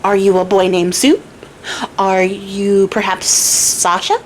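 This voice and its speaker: A woman's voice: mid-range voice, flat delivery, slow pace, slight background noise, lightly acted. A woman voicing a frantic young queen expecting a baby, exclaiming anxiously in casual modern slang.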